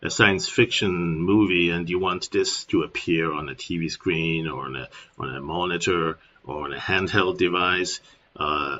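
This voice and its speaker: A man with a German accent casually walking through a software tutorial at his computer, rambling with plenty of filler words. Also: deep voice. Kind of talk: casual screen-recording tutorial. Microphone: computer microphone. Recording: dull lo-fi screen recording.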